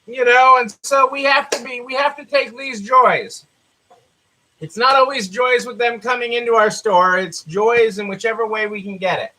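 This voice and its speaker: A man with a Southern American accent chats casually as host of a live stream. His voice sits very high and sounds bright and forceful. He rambles, circles back to repeat phrases, and fills pauses with uhs. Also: steady tone, rough recording.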